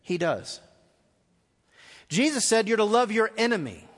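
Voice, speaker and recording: Male pastor, earnest live sermon, fairly high voice, long hall echo. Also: sing-song, measured pace. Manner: earnest, shifts between quiet reading and raised exhortation. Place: large church hall.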